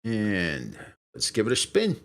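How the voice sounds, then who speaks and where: Man, low voice, very animated pitch, casual streamer, profane, chatting to viewers. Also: slow, gravelly. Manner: talks to chat. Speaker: streamer and show host. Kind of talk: casual live-stream chat.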